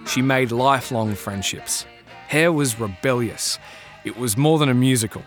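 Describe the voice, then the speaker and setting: A man narrating a documentary in a measured, scripted way. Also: mid-range voice, faint music behind.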